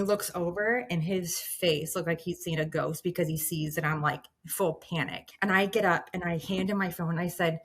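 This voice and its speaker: A woman in her thirties telling her own story as a patient, animated and acting out her past reactions, close to tears at times. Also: on the low side, normal speed, few pauses. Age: 30s. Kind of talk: emotional personal storytelling.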